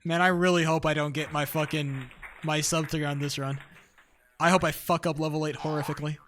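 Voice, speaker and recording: A young man streaming a game live, talking to his chat in a casual, profane and excitable way. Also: a little high, brisk, faint music behind. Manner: profane, excitable, talks to chat between bursts of laughter.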